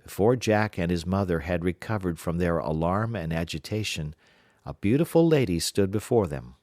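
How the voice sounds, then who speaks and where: A man with a very low voice narrates a fairy tale in an even, measured way. The recording is close and completely dry, with no room sound. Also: dry recording.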